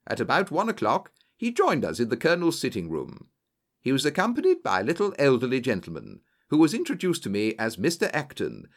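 A man narrating a story aloud, telling it with varied character voices. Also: mid-range voice. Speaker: audiobook narrator. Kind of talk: scripted narration.

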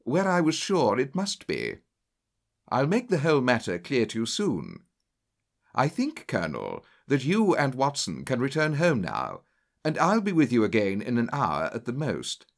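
A man puts on a cool, clipped detective with a curt, measured way of speaking. It is a storybook voice, calm and unhurried. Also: mid-range voice, vocal fry, full character voice.

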